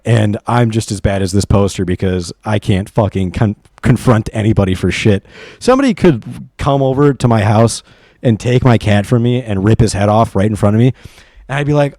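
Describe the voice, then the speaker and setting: A man's voice: mid-range voice, mellow, no room sound. A young man telling stories and reading posts aloud in a rambling, casual way, swearing often and laughing at himself. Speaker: reddit story reader.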